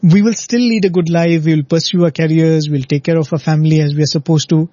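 Man, devotional talk, reflective storytelling, husky voice, dull lo-fi recording. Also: a little high, steady tone, quick pace, warm tone, no room sound. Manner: reflective, explains with stories and rhetorical "right?". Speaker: devotional speaker.

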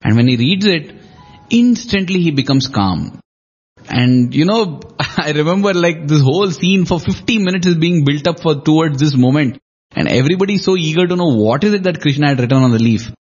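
Husky higher-voiced man, lo-fi. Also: lively intonation, fairly quick, darkish tone. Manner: reflective, explanatory storytelling. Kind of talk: spiritual discussion. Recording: dull lo-fi recording.

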